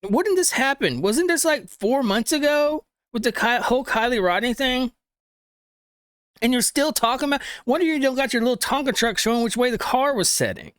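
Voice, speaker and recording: A man's voice: extremely high pitch, expressive, normal speed, a bit bright, clear, resonant tone, no echo, clean studio sound. A man hosting a reaction video who scolds the clip's speaker with rhetorical questions and informal grammar. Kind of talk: reaction commentary.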